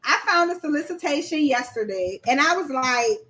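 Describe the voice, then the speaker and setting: Background noise sits under this woman's high, expressive voice, which moves at a normal speed. Coaching viewers on government contracts during an informal livestream, she quizzes them, reads their comments aloud, and keeps it chatty and slang-heavy, laughing often and addressing everyone as y'all.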